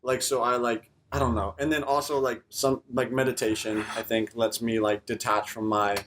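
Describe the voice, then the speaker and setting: A young man with a mid-pitched voice talks in a laid-back, reflective way, leaning on fillers as he thinks aloud. His casual podcast chat has a faint noise behind it. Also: flat delivery, moderate pace, a bit bright. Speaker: podcast co-host.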